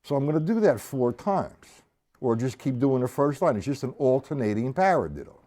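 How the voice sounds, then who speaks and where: A man's voice: mid-range voice, very animated, moderate pace, dark tone. A man giving a live-streamed drum lesson, counting out and calling stickings aloud as he explains each step, with a drum kit playing behind him. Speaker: drum teacher.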